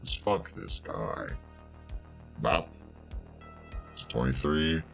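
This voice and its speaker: A man's voice: expressive, slow, soft background music, exaggerated voice. A man playing a brash male demon barbarian through a demon voice filter, talking casually and swearing. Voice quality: gravelly, very deep. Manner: casual gamer talk, swears freely. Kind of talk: playing a tabletop game online.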